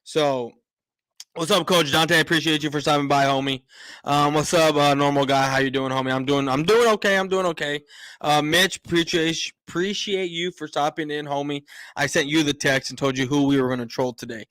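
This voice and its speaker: Hosting a casual livestream, a man greets chat viewers and rambles with many fillers and restarts, openly emotional and slightly choked up. His voice sits on the high side and a bit bright, with fairly even intonation and a slightly fast pace, recorded with no room sound.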